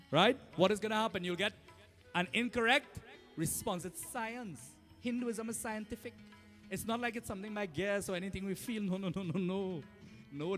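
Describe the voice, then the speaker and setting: A Trinidadian man with a high voice preaches as a Hindu pundit in a temple hall. He teaches in a friendly, conversational way, checking in with his listeners as he goes. Faint music sits underneath. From Trinidad and Tobago. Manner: conversational teaching with frequent "right?" and laughs. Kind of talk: sermon.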